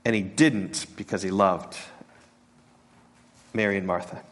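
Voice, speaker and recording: A man preaching a sermon as a pastor, halting and repeating words, sinking to a soft hush on tender points. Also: sits low, steady tone.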